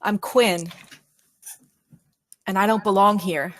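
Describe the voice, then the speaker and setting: A woman's voice: medium pitch, fairly even intonation, slow pace, fairly bright tone. A woman player in a tabletop role-playing game, speaking earnestly and pleadingly in character.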